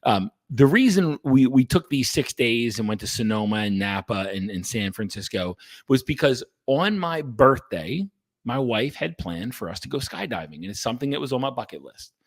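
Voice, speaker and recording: Speaking in a slightly rough, sing-song mid-range voice at normal speed, a man who hosts a podcast and works as a coach gives his listeners a casual monologue. He's blunt and emphatic, cusses freely, and often restarts sentences, with no echo.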